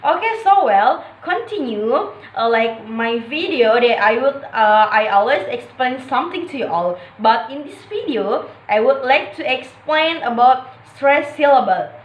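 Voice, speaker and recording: A woman's voice: high voice, expressive, a little slow, hardly any pauses. A young woman from Indonesia with an Indonesian accent, an English student explaining a lesson casually and hesitantly, with many fillers and self-corrections. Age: young adult. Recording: echoey room.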